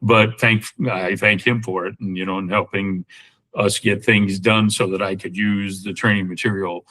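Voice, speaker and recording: Sixties male guest, low and husky, loose conversational ramble with many restarts. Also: level tone, normal speed, pushed and bright, low-quality recording. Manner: rambling, full of fillers and restarts. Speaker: podcast guest. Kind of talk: casual interview talk.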